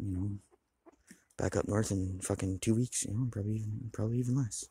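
A man's voice: fairly low pitch, fairly even intonation, fairly quick, warm tone, husky. A man talking to the camera in a rambling, swearing monologue, restless and blunt. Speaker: vlogger.

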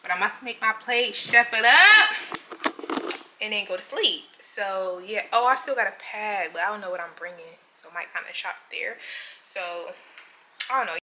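Rushed, chatty young woman vlogging. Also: mid-range voice, pushed and bright. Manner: chatty, rushed, addresses viewers as y'all. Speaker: vlogger, nursing student. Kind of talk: casual vlog chat. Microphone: compact camera. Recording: echoey room with clear background noise.

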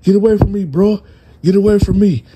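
A man voicing a male inmate who is distraught and raging after a phone call, shouting and repeating himself. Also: high-pitched, brisk, a little hiss or hum, voice pushed up, close to an everyday voice.

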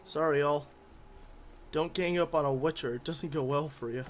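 A man's voice: a little high, moderate pace, slight background noise. A man giving gameplay commentary as a gaming YouTuber, grumbling and easily irritated.

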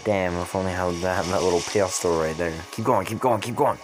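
A man's voice: low voice, fairly even intonation, fairly quick, few pauses, low-quality recording. A young man streaming a mobile game, muttering and swearing at it as he plays. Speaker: gaming streamer. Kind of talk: casual gameplay commentary. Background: game music.

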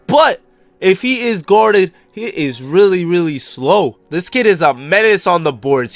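A man's voice: sits high, a bit bright, no room sound, exaggerated voice. A man playing a TV basketball play-by-play announcer, calling the action in an upbeat broadcast style over faint game music.

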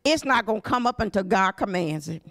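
A woman pastor preaching a fervent sermon, breaking into shouted hallelujahs and cries. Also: mid-range voice, animated, a little fast, vocal fry, dry recording. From Southern United States. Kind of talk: impassioned sermon.

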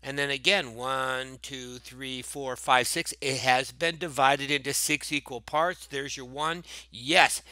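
A man's voice: medium pitch, fairly even intonation, takes it slowly, hardly any pauses, pushed and bright, dry recording. A male teacher casually walking through a math review, joking with the answer choices as he goes. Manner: playful, jokey, talks to the answer choices. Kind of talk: casual math lesson walkthrough.

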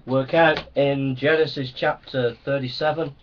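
A man preaching a sermon with impassioned repetition, swinging between loud declarations and hushed passages. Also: on the high side, expressive, measured pace, long pauses, a little hiss or hum. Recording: muffled, distant lo-fi recording.

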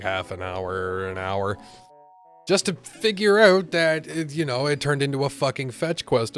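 A young man talks over his gameplay with swearing and open exasperation, his voice at an ordinary middle pitch. Faint game music plays under him. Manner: profane, exasperated. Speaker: let's play host. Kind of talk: gameplay commentary.

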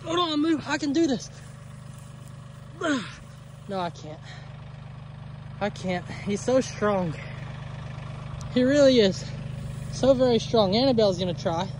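A high-pitched woman talks her way through a farm vlog, chatting warmly to her cows outdoors. Loud tractor engine noise runs under her voice in this outdoor recording. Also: lively intonation, slow pace, pauses often. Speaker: homesteader vlogger. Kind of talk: casual farm vlog narration. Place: outdoors on a pasture with cattle.

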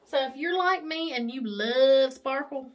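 A woman, chatting excitedly while doing her makeup in a casual vlog, gushing and chatty. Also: sits high, a little hiss or hum. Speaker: makeup vlogger. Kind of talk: casual get-ready-with-me chat.

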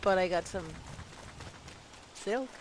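A woman with a lowish voice takes her time as she hosts a solo let's play on her gameplay channel. She chats with the game's characters and gasps and laughs whenever something goes wrong. Game ambience and sound effects come through clearly underneath.

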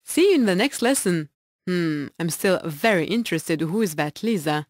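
A woman's voice: lowish voice, very animated, moderate pace, no room sound, studio quality. A woman narrating a scripted language lesson in a reassuring, explanatory way and translating the dialogue into English.

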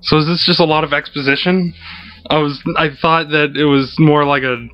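A man's voice: on the high side, fairly even intonation, moderate pace. A man casually co-hosting a let's play, joking and laughing often while reading game text aloud. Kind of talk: casual gaming chat. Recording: dull lo-fi sound with game music.

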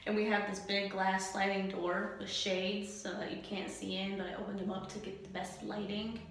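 A woman's voice: medium pitch, little pitch movement, moderate pace, gravelly. A young woman vlogging in casual chat to the camera, joking about herself and laughing often. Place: empty glass-doored breezeway indoors. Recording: very echoey bare room.

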